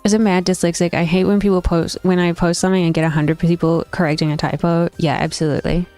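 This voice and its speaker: Talking fast in a warm, fairly low voice with a level tone, this young woman streams games and reacts casually to her chat. She's opinionated and thinks out loud, frequently starting over, with faint background music from the stream.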